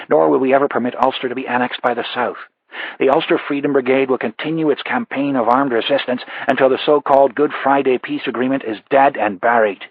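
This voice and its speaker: A man voicing a menacing male terrorist caller with a Northern Irish accent, reading a statement coldly and deliberately. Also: medium pitch, slightly rough, no echo. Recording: dull lo-fi audiobook recording.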